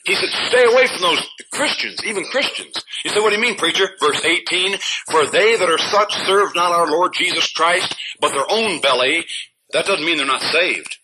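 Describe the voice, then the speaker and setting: A pastor preaching a fiery sermon in a church, scolding his listeners and bursting out loud now and then between chuckles. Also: fairly high pitch, moderate pace. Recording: noisy old sermon recording.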